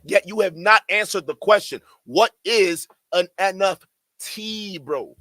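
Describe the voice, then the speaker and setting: A man reacting to clips on a stream, excitable and mocking, often repeating himself and swearing. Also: sits high, normal speed, dry recording. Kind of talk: casual reaction commentary.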